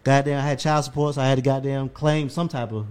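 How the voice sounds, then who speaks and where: Fast-talking man, podcast host, animated, profane storytelling. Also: mid-range voice, smooth. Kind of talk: casual podcast chat.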